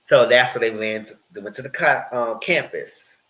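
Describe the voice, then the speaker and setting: A man's voice: medium pitch, moderate pace, poor audio. Man casually recapping a TV episode. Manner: animated retelling with frequent restarts. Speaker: TV reviewer.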